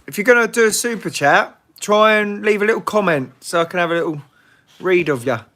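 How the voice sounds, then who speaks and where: A man's voice: sits high, fairly quick, sharp tone. A man hosting a casual live Q&A, blunt and swearing freely, laughing often. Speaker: livestream host.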